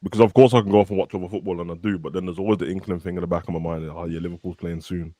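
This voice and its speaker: A man's voice: deep voice, fairly even intonation, racing, mellow, no room sound. A man in a casual podcast chat, sounding weary and frustrated and using plenty of slang. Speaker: football fan panelist.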